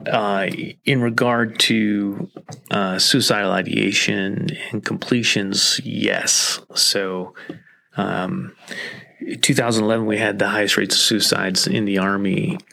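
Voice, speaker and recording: A man who serves as an Army chaplain, answering interview questions in a slow, earnest and reflective way. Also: on the low side, fairly even intonation, vocal fry, bright, forceful tone.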